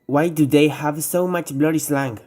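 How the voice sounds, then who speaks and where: A mid-pitched speaker reads a lesson script aloud in an even, steady way. Faint music plays underneath. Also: moderate pace.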